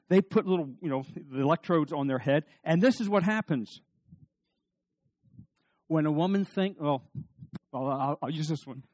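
A middle-aged man giving a humorous talk on marriage to a live audience, animated and joking, often restarting his sentences. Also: fairly high pitch, no room sound. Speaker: speaker on marriage.

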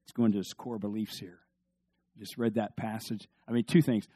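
A man's voice: fairly low pitch, steady tone, normal speed, mellow. A man preaching a sermon as pastor, emphatic, asking the listeners questions.

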